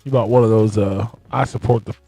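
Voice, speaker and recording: Brief: gravelly St. co-host, wry and laid-back, with a dry close sound. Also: male voice, fairly low pitch, steady tone, fairly quick, dark tone, no room sound, faint music behind. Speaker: podcast co-host. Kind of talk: casual chat.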